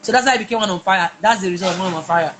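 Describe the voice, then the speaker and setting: A woman's voice: medium pitch, rapid-fire, fairly bright tone, a little hiss or hum. A woman, a guest telling her personal story emphatically, often repeating words and restarting. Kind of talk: personal testimony in a conversation.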